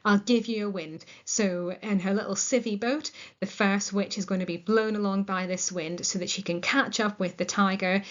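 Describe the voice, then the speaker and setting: A woman's voice: mid-range voice, steady tone, moderate pace, few pauses, a bit bright. A woman teaching a literature lesson, explaining a play in a chatty way and paraphrasing its lines in modern words. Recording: muffled lo-fi recording.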